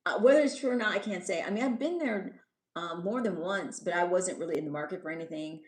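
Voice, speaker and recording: A New York City woman hosts a livestream, chatting casually with viewers as she reads their comments, teasing some and scolding others. Her voice is on the low side and she talks briskly.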